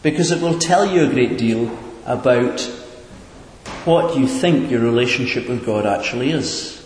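Earnest preacher in an echoing hall. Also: male voice, medium pitch, moderate pace, slight background noise. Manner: earnest, questioning, with hesitant repeats. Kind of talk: sermon. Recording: echoey hall, far from the mic.

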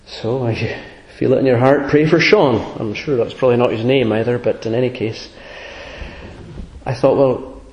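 A man's voice: mid-range voice, steady tone, moderate pace, darkish tone, muffled recording. A man preaching a sermon in an earnest, conversational way, with sudden emphatic rises. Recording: echoey room.

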